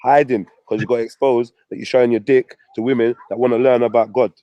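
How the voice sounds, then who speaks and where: A man's voice: mid-range voice, fairly even intonation, fast, dry recording, highs cut off. A man ranting on his channel, mocking and swearing at a rival. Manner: profane, mocking, combative. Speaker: vlogger. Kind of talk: ranting commentary.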